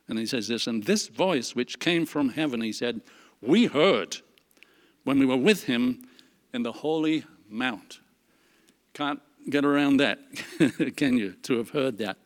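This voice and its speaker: A man's voice: mid-range voice, expressive, unhurried. A man leading a Bible study, reading scripture aloud earnestly, with frequent fillers and restarts. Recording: long hall reverb.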